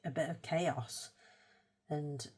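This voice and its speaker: A woman hosting a casual colour-with-me art video. She chats in a rambling, self-mocking way and murmurs softly to herself as she paints. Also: low voice, steady tone, takes it slowly, husky. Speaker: art channel host.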